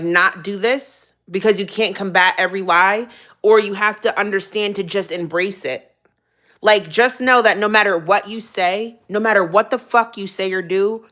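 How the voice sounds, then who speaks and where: A woman's voice: medium pitch, a bit bright. A young woman streamer ranting casually on a livestream, swearing freely, rambling and laughing often.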